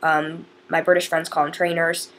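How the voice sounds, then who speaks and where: Teen girl vlogger, from northern Indiana, rambling casual delivery, slightly husky and low-pitched. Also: flat delivery, moderate pace. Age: teens. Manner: rambling, chatty, many fillers. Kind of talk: casual chat to camera.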